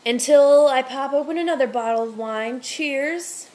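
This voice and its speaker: A woman's voice: high-pitched, unhurried, a little mellow, a little hiss or hum. A young woman in her twenties, a restaurant server, chatting to camera at home, rambling, swearing freely and ranting heatedly. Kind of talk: casual chat to camera. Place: home room with TV on.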